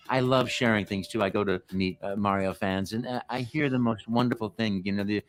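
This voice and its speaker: A man's voice: lowish voice, normal speed, hardly any pauses, faint music behind. A middle-aged man, a voice actor, telling stories in an interview and acting out the quotes. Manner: animated, acts out quotes. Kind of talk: interview storytelling.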